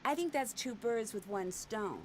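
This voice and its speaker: A woman's voice: a little high, expressive, measured pace. A dry, curious young woman detective. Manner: dry, probing questions. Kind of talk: video game voice acting. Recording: game audio with clear background noise.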